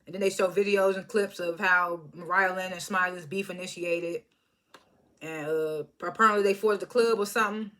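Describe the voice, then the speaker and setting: A woman's voice: lowish voice, steady tone, moderate pace, fairly bright tone. Chatty woman recapping reality TV. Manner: chatty, laughs often, mimics cast members. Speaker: reality show reviewer. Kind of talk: casual recap commentary.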